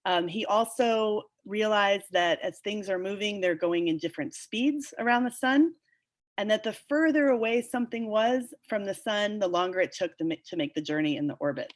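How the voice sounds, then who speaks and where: A woman's voice: medium pitch, moderate pace. A woman teaching a history lesson, explaining a document section by section. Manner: explanatory, walks through a document. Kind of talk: lesson on a recorded webinar.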